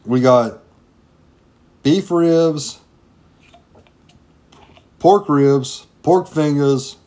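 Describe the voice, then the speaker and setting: A man co-hosting a podcast in casual chat, telling stories in a relaxed way with casual slang. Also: fairly high pitch, drawn-out words. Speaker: podcast co-host.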